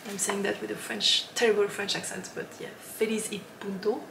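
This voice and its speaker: A woman's voice: medium pitch, flat delivery, a little fast, vocal fry, roomy sound. Woman podcast host, casual chat, giggly and rambling, mid-range voice, faint background hiss. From lives in Switzerland. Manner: chatty and giggly, with frequent ums and laughs.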